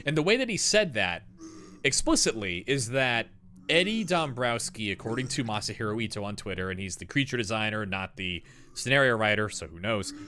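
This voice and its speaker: A man's voice: on the low side, sharp tone, slight background noise. A young man streaming a game live, rambling through lore commentary with lots of fillers and jokey asides.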